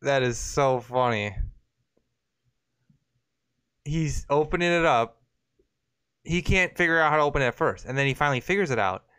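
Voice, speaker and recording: A man hosting a casual livestream who laughs easily and swears offhandedly. His voice is smooth and clear, with a dry, close sound and no room echo. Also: medium pitch, lively intonation, fairly quick, sharp tone. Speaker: livestream host. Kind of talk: casual chat.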